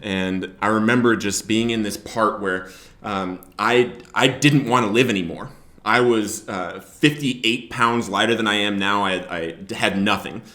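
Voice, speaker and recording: A man's voice: fairly low pitch, measured pace, reverberant. Man telling his own recovery story. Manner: emotional, rising to loud shouting in places. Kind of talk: personal testimony to camera. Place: Billings, Montana area.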